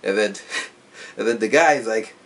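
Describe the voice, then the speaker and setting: A man's voice: fairly low pitch, normal speed, a bit bright. A man in his forties telling a movie story casually, with sound effects and some swearing. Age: 40s. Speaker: vlogger reviewing a movie. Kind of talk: casual chat.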